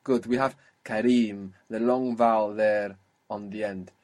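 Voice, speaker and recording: A man's voice: fairly low pitch, steady tone, moderate pace, darkish tone. Patient male Arabic teacher. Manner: patient, quizzing a student and modelling pronunciation. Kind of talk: spoken language lesson.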